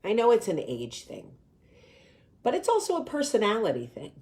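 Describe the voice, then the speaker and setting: A woman in her forties hosting a casual talk show, telling funny stories in an animated, chatty way with a New Jersey accent. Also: a little high, normal speed. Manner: animated, chatty, swears freely, laughs at own stories. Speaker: show host. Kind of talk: casual storytelling chat.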